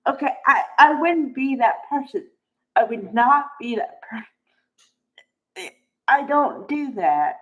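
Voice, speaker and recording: A woman's voice: sits high, lively intonation, slow, pauses often. A woman recapping soap operas in a casual vlog, chatty and opinionated, with frequent sighs. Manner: chatty and opinionated, sighing often. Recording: dull lo-fi recording.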